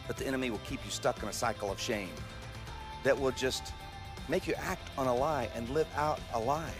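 A man's voice: medium pitch, moderate pace, long reverb tail, over music. A man pastor preaching a sermon in an earnest, conversational way, now and then restarting a word.

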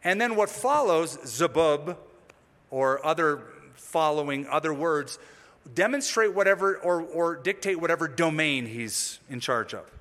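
A man preaching a sermon, telling the story lively and acting out the figures' lines. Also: fairly high pitch, measured pace, big-room sound. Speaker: pastor.

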